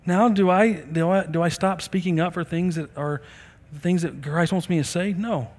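A man's voice: sits high, moderate pace, darkish tone, in a large hall. A middle-aged man preaching a sermon as a pastor, earnest and conversational, acting out bits of dialogue.

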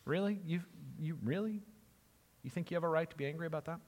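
A man's voice: on the high side, fast talker, darkish tone, in a large hall, lightly acted. A man voicing God as a challenging questioner, pressing a prophet with pointed, incredulous questions.

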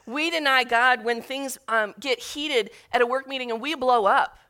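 Bright-voiced woman preaching with earnest feeling. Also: high voice, normal speed, clear, resonant tone. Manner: earnest and emotional, with rising intensity on appeals. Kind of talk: sermon.

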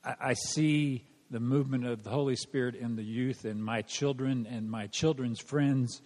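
A man's voice: medium pitch, fairly even intonation, moderate pace, a little mellow. A middle-aged man from the congregation shares a grateful testimony, stammering over his words. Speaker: congregation member. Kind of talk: sharing testimony in church. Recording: long hall reverb.

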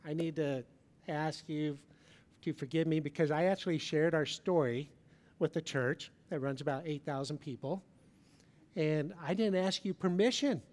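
A middle-aged man preaching in a large church hall, his slightly raised voice carrying a long reverb. He tells his story with feeling, pressing hard on some lines and dropping almost to a hush on others. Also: fairly high pitch. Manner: storytelling with emotional swings, from loud emphasis to soft near-whispers. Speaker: pastor. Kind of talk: sermon.

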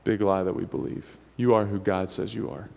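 With a warm, creaky voice on the low side, a male pastor preaches a little fast in a level tone. His sermon is conversational and often prompts the congregation to respond. The recording, made in a church, has long hall reverb.

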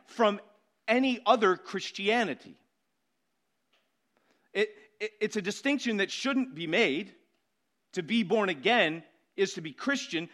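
A man with a notably high voice preaches a sermon from the pulpit. He hammers home his points by repeating words and drawing out the key phrases slowly. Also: sharp tone. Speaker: pastor.

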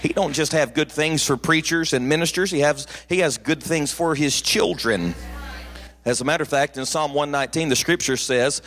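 A man's voice: fairly high pitch, expressive, moderate pace, a bit bright. A man preaching a sermon, emphatic and repetitive, calling the congregation to answer back. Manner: emphatic, repetitive, call-and-response.

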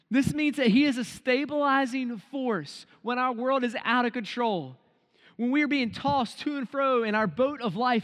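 An earnest devotional sermon is preached by a man with a high, fairly bright voice. He slows down sharply to stress key phrases, and his words fade into a long reverb tail.

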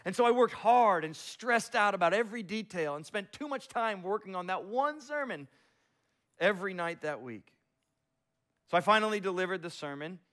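A man's voice: high-pitched, expressive, moderate pace, a bit bright. A man preaching a sermon, reading scripture and telling a self-deprecating story about his early preaching. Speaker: pastor.

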